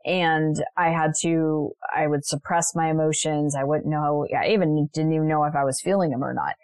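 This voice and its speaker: A woman appears as a guest on an interview show, a transformational leader and spiritual mentor who earnestly and reflectively shares personal stories, full of "you know" asides. Her voice is low, steady, a little mellow, at normal speed. The tone is clean with no echo.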